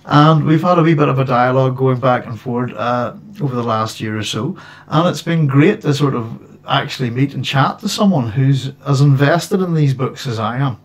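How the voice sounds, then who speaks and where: A man's voice: medium pitch, moderate pace. Male host, casual, meandering chat from his home setup. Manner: rambling, many restarts and fillers.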